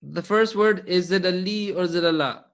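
A man's voice: high-pitched, moderate pace. Patient male teacher quizzing his class. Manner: patient, quizzing students with frequent "okay?" and "hmm?". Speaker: Arabic teacher. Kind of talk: classroom grammar lesson.

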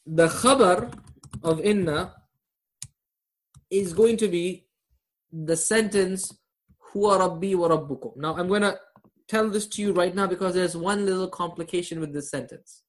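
A man's voice: sits high, unhurried, long pauses. A man teaching a live online grammar class over a video call, quizzing his students and laughing at his own jokes.

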